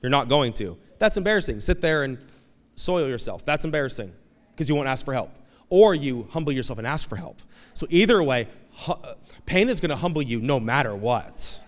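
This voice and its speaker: A man preaching a conversational, animated sermon as pastor, acting out quoted voices. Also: medium pitch, brisk. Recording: long hall reverb.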